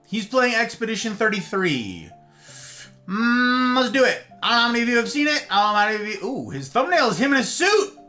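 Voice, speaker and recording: A man's voice: high voice, quick pace, faint music behind. A man streaming live, chatting casually and rambling straight to his viewers. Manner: animated, rambling, talks straight to chat.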